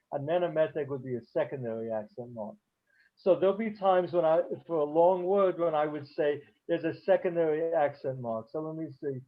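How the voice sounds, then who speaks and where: A man's voice: on the high side, dull audio. A man teaching a beginners' Hebrew class online, explaining patiently with frequent fillers.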